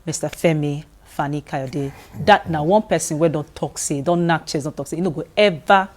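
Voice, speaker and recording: A woman with a Nigerian accent, an interviewer asking questions in a measured way with some hesitation. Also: low voice.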